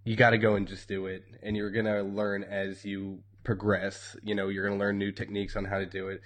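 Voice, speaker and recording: Low-voiced man rambling wryly. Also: monotone, a little fast. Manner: rambling and wry, many fillers. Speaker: podcast co-host. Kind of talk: casual chat.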